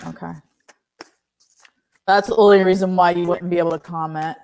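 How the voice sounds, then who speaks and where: A woman's voice: fairly low pitch, fairly even intonation, moderate pace, a little mellow, a little hiss or hum. A woman hosting a live stream, reading oracle cards and chatting with viewers by name, laughing often. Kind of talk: casual live-stream chat.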